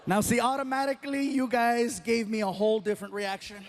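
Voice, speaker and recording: A middle-aged man performing stand-up on a theater stage, telling a story with lively acted-out voices and loud yelps. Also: brisk, a little hiss or hum. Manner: animated, acts out characters with loud high yelps. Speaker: stand-up comedian.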